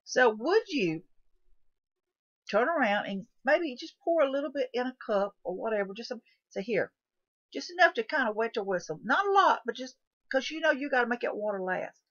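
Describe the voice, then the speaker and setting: A woman's voice: a little high, big pitch swings, brisk, fairly bright tone, no room sound. A woman talking through a what-if survival scenario in a folksy, repetitive way, putting questions to the viewer. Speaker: channel host. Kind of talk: casual what-if monologue. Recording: dull lo-fi dry recording.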